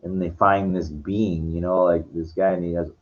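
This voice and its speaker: A man's voice: sits low, flat delivery, moderate pace. A man casually retelling a film scene, rambling with many fillers and restarts. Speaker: vlogger. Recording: dull lo-fi recording.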